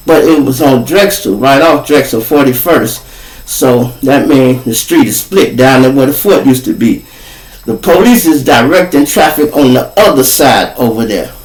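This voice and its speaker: A man, hosting a podcast and telling a street story in a profane, animated way. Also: a little high, distant mic. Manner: animated, profane, acts out every voice. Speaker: podcast host. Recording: echoey room.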